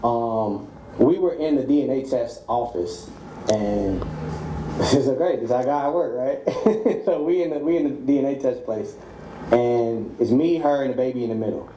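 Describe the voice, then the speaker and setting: A man tells a personal story in a loose, animated way, putting on the voices of the people in it. His voice is mellow and warm. It sits in a roomy, echoing space with faint noise behind it. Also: mid-range voice, unhurried. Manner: animated, acts out quoted voices, laughs mid-story. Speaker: guest telling a personal story. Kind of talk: casual storytelling.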